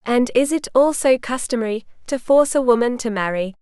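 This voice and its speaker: A woman reading the lines of a proud but frightened young noble bride in an audiobook, often hushed. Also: fairly high pitch, lively intonation, normal speed, clear, resonant tone, dry recording, studio quality, natural voice.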